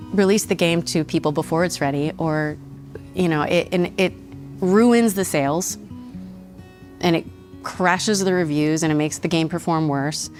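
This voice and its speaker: Chatty woman with a lowish voice. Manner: chatty, laughs often, many restarts. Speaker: guest. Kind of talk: casual chat over a meal.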